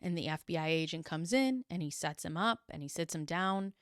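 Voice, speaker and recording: Animated woman retelling a true crime story. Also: on the low side, clear, resonant tone, no echo, studio quality. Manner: animated, acting out quotes in quick impressions; incredulous, sarcastic asides.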